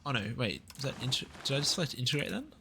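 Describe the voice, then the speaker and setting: His mid-range voice races along with big pitch swings and a sharp tone as this young Australian streamer chats casually and upbeat with viewers over a strategy game. Faint music and slight background noise are audible.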